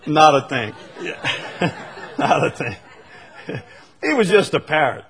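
A middle-aged male preacher giving a sermon, shifting from quiet musing to loud, emphatic outbursts. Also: on the high side, sing-song, takes it slowly, a faint crowd.

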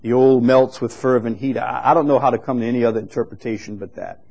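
A man preaching a sermon in an unhurried, conversational teaching manner, growing louder and higher when he reads scripture aloud. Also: steady tone, creaky, lo-fi sound. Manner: rises in pitch and volume when reading scripture aloud.

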